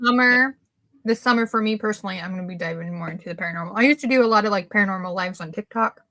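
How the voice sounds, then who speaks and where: A woman's voice: medium pitch, racing, pushed and bright, dry recording. A woman from the United States who streams paranormal content, chatting eagerly on a video call about her plans. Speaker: paranormal live-streamer, guest. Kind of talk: casual video-call chat.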